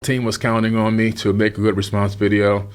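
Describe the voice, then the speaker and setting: Low-voiced man speaking with regret. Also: monotone, brisk, clear, resonant tone. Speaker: guest in a conversation. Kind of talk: casual conversation.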